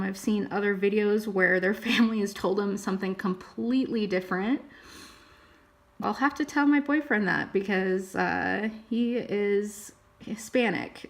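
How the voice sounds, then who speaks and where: A young woman chats casually into her computer mic, musing aloud as she reads. Her mid-pitched voice carries a gravelly fry at the ends of phrases. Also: moderate pace. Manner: chatty, thinking aloud while reading results. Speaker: vlogger. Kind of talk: casual vlog talk.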